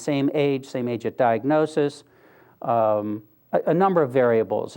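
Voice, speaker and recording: A man's voice: fairly high pitch, darkish tone. An older man giving an earnest, conversational talk, telling a personal story with wry asides. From Pennsylvania, US. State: briefly choked up. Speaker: speaker.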